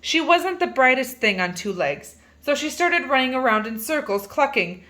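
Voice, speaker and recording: A woman reading a children's picture book aloud in a playful, animated way, stretching words for emphasis. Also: high-pitched, moderate pace, few pauses. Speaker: reader.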